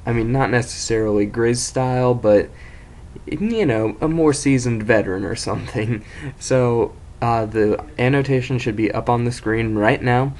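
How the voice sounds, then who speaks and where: A man's voice: medium pitch, moderate pace, a little mellow, a little hiss or hum. A young man casually telling an embarrassing story as host of his own video series, rambling, self-mocking and swearing freely.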